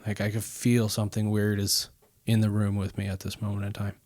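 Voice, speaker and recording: Low flat-voiced man telling a story. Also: a little fast, dry recording. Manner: rambling, many "like" fillers. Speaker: podcast guest. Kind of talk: casual storytelling.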